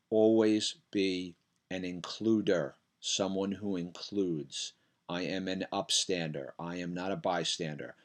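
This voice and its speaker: Man with a lowish voice: motivational school speaker sending an upbeat video message, direct and encouraging to the kids. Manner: loud, energetic opening greeting. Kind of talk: recorded video message to students.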